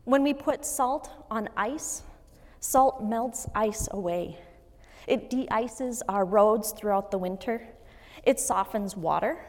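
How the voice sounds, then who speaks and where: A woman in her thirties, a pastor, preaching a sermon in an earnest, measured way with light personal asides. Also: medium pitch, a little mellow. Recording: long reverb of a church hall.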